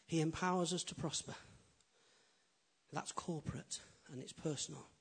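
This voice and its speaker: Husky-voiced pastor preaching. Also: male voice, on the high side, normal speed. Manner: animated preaching, rising loud then dropping quiet. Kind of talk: sermon.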